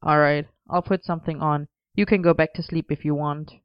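A woman's voice: low voice, fairly even intonation, fairly quick, clean tone, no room sound, close to an everyday voice. A woman voicing a protective young man who speaks firmly and fondly, in a dull, dry recording. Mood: caring. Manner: firm, protective. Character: caring young man, firm and fond.

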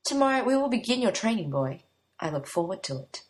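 A woman's voice: mid-range voice, big pitch swings, brisk, a little mellow, close to an everyday voice. A woman reading the part of a sinister older male captor who talks in a gloating way.

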